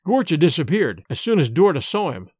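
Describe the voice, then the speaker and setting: A man narrating a first-person story in a dramatic, expressive way. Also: on the high side, a little fast, husky, dry recording. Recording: dry close recording with faint music.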